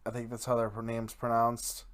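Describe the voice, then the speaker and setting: A man's voice: medium pitch, monotone, normal speed. A man hosting his own podcast in a casual, rambling solo talk, correcting his own slips and laughing at himself. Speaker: podcast host.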